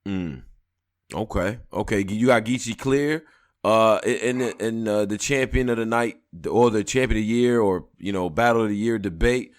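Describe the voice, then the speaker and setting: Raspy-voiced man hosting a podcast. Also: lowish voice, moderate pace. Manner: laid-back, loose, many fillers. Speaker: podcast host. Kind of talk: casual podcast chat.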